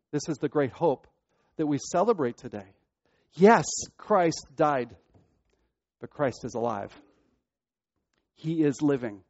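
Pastor, male, higher voice, emphatic repetitive sermon delivery, dry and muffled. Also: expressive, measured pace, long pauses, darkish tone, no room sound. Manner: preaching with rising emphasis and repetition.

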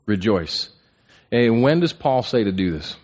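A man leads a Bible class in a somewhat low voice, drawing answers out of the group with questions. He often doubles his words as he restarts a phrase. The recording is muffled and lo-fi. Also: sing-song, a little slow, darkish tone. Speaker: Bible study teacher. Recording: dull lo-fi recording.

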